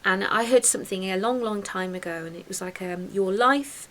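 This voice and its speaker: A woman's voice: medium pitch, normal speed, fairly bright tone, a little hiss or hum. A woman in casual chat, reflective and encouraging as she gives advice.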